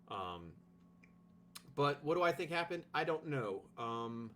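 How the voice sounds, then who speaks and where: A man co-hosting a podcast, giving his opinion in casual chat with many pauses and restarts. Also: mid-range voice, slight background noise. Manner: hesitant, many ums and restarts. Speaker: podcast co-host.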